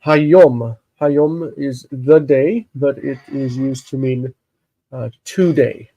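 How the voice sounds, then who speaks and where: A man with congested sinuses, slowly explaining a Bible text in a live lesson, halting and thinking aloud with many fillers. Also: medium pitch, steady tone, mellow, dry recording, poor audio. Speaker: Hebrew teacher.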